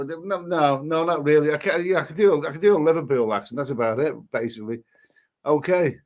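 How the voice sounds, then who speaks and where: A middle-aged man from England hosting a casual live stream, reading out viewer names and messages and chatting about them. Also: on the high side. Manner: rambling, chatty, reads out usernames and messages.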